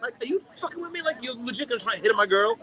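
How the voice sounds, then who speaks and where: A young man co-hosting a casual podcast, with a high, bright, forceful voice. He tells stories in an animated way, swearing as he goes. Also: racing, rough recording. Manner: animated storyteller, heavy swearing. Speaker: podcast co-host. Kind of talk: casual chat.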